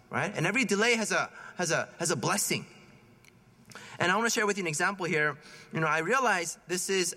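A bright, forceful male voice, pitched a little high, sounds out across a long-reverb church. He is a priest in his thirties who preaches like he is chatting, checking in with "right?" and chuckling at himself as he goes. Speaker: parish priest. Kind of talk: conversational homily.

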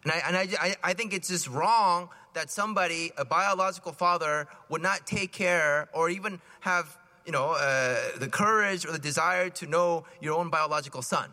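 Bright-voiced priest preaching in a reverberant church. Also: male voice, fairly high pitch, normal speed, hardly any pauses. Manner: conversational, anecdotal, acts out quoted voices. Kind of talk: sermon.

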